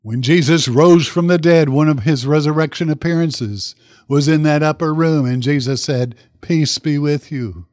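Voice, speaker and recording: A man's voice: fairly high pitch, normal speed, darkish tone, no room sound. Man preaching a sermon, dry close sound. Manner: dramatic storytelling with acted quotes and questions to the congregation. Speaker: pastor.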